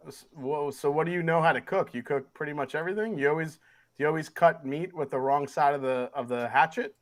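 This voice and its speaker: A man plays a tabletop game, asking in-character questions and joking around. His voice sits a little high. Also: a little fast. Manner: joking, talks in character to the cook. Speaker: player. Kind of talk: casual tabletop role-play.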